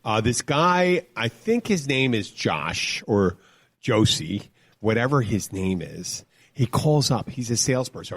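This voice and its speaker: A man hosting a podcast in a bar, talking in relaxed casual chat. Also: medium pitch, measured pace. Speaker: podcast host, bartender.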